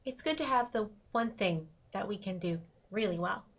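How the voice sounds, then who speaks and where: Soft earnest woman playing a tabletop game. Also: mid-range voice, expressive, normal speed, slight background noise. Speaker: player. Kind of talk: in-character tabletop role-play.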